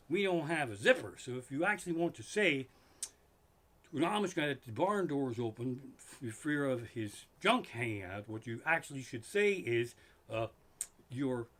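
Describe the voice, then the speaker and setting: A man's voice: mid-range voice, a bit bright. A middle-aged man, a stand-up comedian, doing an exasperated, profane comedy rant live from his living room. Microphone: microphone in front of him.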